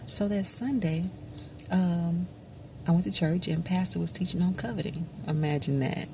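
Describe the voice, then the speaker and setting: Gravelly-voiced woman telling a personal story. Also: fairly low pitch, background noise. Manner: slow, reflective, often drops to a hushed voice. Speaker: vlogger.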